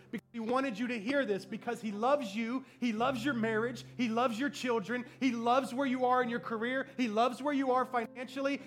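A middle-aged man preaching a sermon to a church congregation, telling stories in an animated, comic way. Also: very high voice. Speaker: pastor. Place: church service before a congregation.

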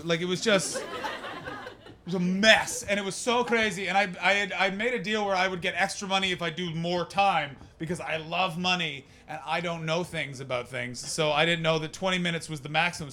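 A male stand-up comedian with a bright, ringing voice, pitched a little higher than most men. He rambles through crude, self-mocking stories and keeps turning to chat with the crowd. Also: slight background noise. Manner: talks with the crowd. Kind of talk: live stand-up storytelling.

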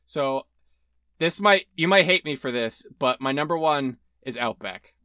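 Bright-voiced young man, chatty co-host. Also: on the high side, lively intonation, a little slow, clean tone, no echo, clean studio sound. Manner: opinionated, rambling with restarts. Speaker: podcast co-host. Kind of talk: casual chat.

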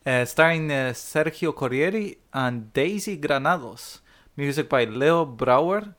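A man's voice: fairly high pitch, lively intonation, slow, fairly bright tone. A man co-hosting a casual film podcast, teasing his co-host and reading the film credits with Spanish pronunciation.

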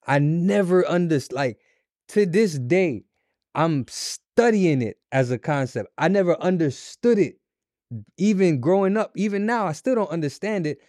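A man's voice: a little high, animated, unhurried, darkish tone, no room sound, clean studio sound. A man on a podcast telling stories and acting out what others said. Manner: storytelling, acts out quotes of others. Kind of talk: casual podcast discussion.

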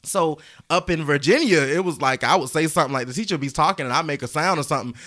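Animated storytelling man, forceful voice. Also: on the high side, fast talker. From Georgia, US. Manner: animated, acts out voices, laughs often. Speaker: interview guest. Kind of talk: storytelling in casual conversation.

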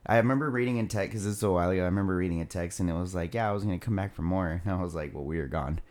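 A man's voice: sits low, racing, darkish tone. A young man casually telling a rowdy party story, loose and profane, laughing as he goes.

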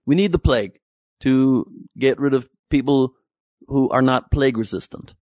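A man putting on the voice of a pompous politician, speaking slowly and self-assuredly. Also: mid-range voice, darkish tone, no echo, lo-fi sound, lightly acted. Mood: smug. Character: slow pompous male politician.

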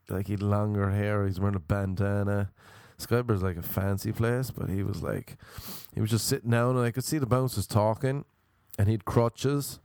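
A man's voice: fairly low pitch, a little mellow, dry recording, studio quality. A young Irish man with a Cork accent, rambling through a sardonic stand-up story, swearing and acting out voices. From Ireland.

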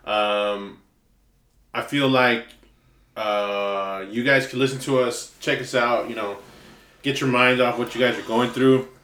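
A man's voice: mid-range voice, steady tone, measured pace, fairly bright tone. A man co-hosting a podcast, speaking earnestly and hesitantly with many fillers. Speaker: podcast co-host. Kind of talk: casual chat. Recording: echoey room.

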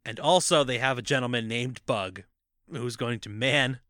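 A man's voice: mid-range voice, moderate pace, a bit bright, dry recording, clean studio sound. A man co-hosting a casual movie podcast, recapping the plot with jokes and frequent laughter. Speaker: podcast co-host.

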